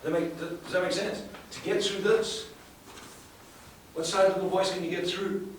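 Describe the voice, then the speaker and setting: A sales trainer speaking emphatically to a live audience, asking rhetorical questions and repeating words for effect. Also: male voice, sits high, fairly even intonation, moderate pace. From South Africa. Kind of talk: live seminar talk. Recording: echoey room, far from the mic, faint hiss.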